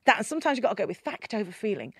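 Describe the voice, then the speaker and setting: A woman, a podcast guest telling candid stories in a lively way, laughing often and acting out the voices she quotes. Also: medium pitch, racing, breathy edge, no echo, clean studio sound. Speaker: podcast guest, keynote speaker. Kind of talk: candid conversational storytelling.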